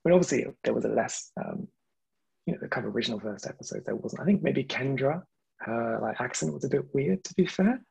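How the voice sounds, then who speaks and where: A man with a gravelly, husky voice talks quickly and loosely, piling up "like" and "you know" as he circles his point. He hedges his opinions and breaks into laughter often. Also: medium pitch, animated, darkish tone, dull audio. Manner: rambling, hedging, laughs often. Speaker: podcast guest. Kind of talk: casual chat.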